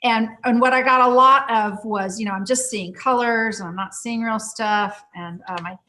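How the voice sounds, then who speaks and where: A woman with a fairly high voice tells a story from her healing practice in relaxed conversation. She talks in a lively, halting way, full of fillers and restarts, and laughs often. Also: a little hiss or hum.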